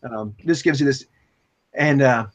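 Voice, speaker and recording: A man's voice: mid-range voice, a little slow, a little hiss or hum. A man narrating a tabletop role-playing game as game master, rambling with many fillers and chuckling often. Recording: dull lo-fi recording.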